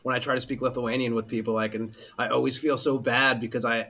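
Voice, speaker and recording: A man's voice: mid-range voice, little pitch movement, fast talker, sharp tone. A man hosting a podcast, chatting casually and asking loose, rambling questions. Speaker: podcast host. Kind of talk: casual interview chat.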